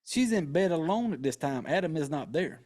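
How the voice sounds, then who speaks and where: A man's voice: a little high, animated, a little fast, a little mellow. A man hosting a podcast, casually and profanely retelling a horror movie's plot with joking asides. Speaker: podcast host.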